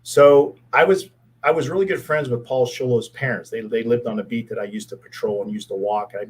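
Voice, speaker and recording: Man, middle-aged, husky, mid-pitched, earnest storyteller, repeats himself. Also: fairly even intonation, brisk, low-quality recording. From Pittsburgh area, US. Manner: earnest, heartfelt, repeats words. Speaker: guest, former police officer and advocate. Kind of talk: storytelling in a casual interview.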